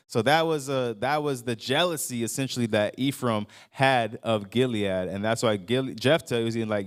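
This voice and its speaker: A man's voice: mid-range voice, normal speed, few pauses, clear, resonant tone. A man teaching a Bible lesson to his congregation in a loose, conversational way, with lots of fillers and restarts, raising his voice to act out the people he quotes. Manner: acts out quoted speakers in a raised voice. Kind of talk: casual Bible study teaching.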